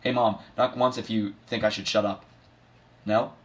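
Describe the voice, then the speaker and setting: A man's voice: lowish voice, level tone, normal speed, lightly acted. BoJack Horseman, a sardonic washed-up horse voiced by a man. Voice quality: dry, sardonic, self-deprecating delivery. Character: bitter middle-aged male horse, washed-up and sardonic. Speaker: son giving a eulogy. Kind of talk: comedic dramatic monologue.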